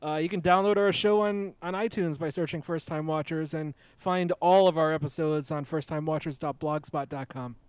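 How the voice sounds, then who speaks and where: A man's voice: a little high, fairly even intonation, moderate pace, hardly any pauses, a little mellow, clear, resonant tone, no room sound. A man guesting on a podcast, teasing the host while running a quiz. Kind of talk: casual chat.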